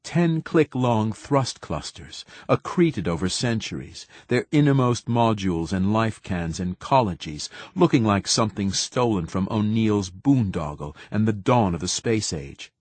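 Male narrator, low husky voice, dry booth sound, steady novel reading. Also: unhurried, few pauses, no echo. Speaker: audiobook narrator. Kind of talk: scripted narration.

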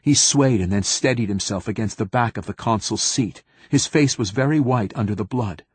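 A man narrating an audiobook in a steady, measured reading. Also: on the low side, slightly rough, no room sound. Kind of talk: scripted narration.

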